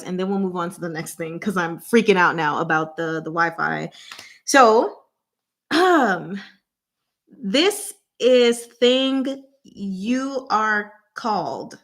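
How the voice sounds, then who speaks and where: Woman, livestream host, casual chat, unhurried, mid-pitched, clipped clue phrases, frequent laughs. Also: fairly bright tone. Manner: gives word clues in slow, deliberate fragments, laughs often. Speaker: channel host running a livestream game.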